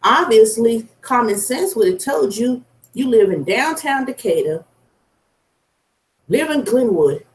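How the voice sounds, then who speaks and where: A woman's voice: a little high, lively intonation, unhurried, pauses often. Blunt ranting woman, roomy echo. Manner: blunt, profane, venting. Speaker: food delivery driver. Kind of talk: casual vlog rant.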